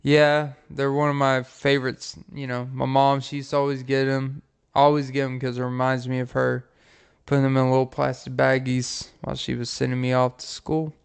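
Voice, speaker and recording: A man hosting a podcast who tells comic scenarios in a rambling, profane way, with pauses and "um"s. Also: medium pitch, completely flat delivery, gravelly, clear, resonant tone. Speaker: podcast host. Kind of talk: comic storytelling.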